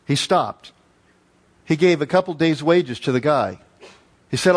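A man delivers a sermon to his congregation, his voice sitting high for a man. He preaches in an animated storytelling way and hammers points home through repetition. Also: unhurried. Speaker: pastor.

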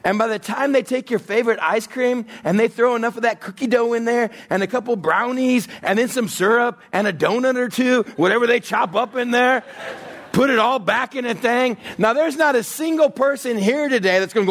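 A man preaching a sermon, joking and acting out quick bits of everyday talk. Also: extremely high pitch. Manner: animated, joking, acts out little voices. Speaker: pastor.

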